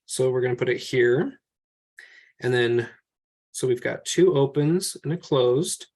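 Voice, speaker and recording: A man's voice: medium pitch, unhurried, darkish tone. A man teaching a class from slides, explaining each step patiently and thinking aloud as he works.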